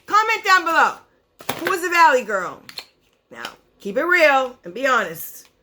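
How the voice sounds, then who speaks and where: A woman in her forties chatting casually through a beauty box unboxing, excitable and chatty, often gasping and wandering into asides. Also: high-pitched, a little slow, a little hiss or hum. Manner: chatty and excitable, gasps and laughs, trails off into asides. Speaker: beauty vlogger.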